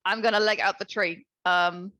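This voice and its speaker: A woman's voice: medium pitch, steady tone, fairly quick, pushed and bright, no echo. A woman playing in a tabletop game, talking in a playful, joking way. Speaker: player. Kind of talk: casual tabletop play.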